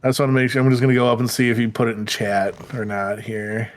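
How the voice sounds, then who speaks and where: Man, podcast co-host, casual rambling chat, mid-pitched voice. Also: level tone, fast talker. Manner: chatty, rambling, laughs often. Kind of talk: casual live-stream chat.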